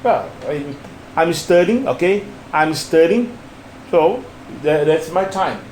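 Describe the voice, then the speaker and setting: A higher-voiced man coaches a student through English phrases, repeating them patiently and stressing the intonation. The room is noticeably echoey, and a faint hiss runs underneath. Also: expressive, slow pace, darkish tone. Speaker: English teacher. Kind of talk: one-on-one English lesson.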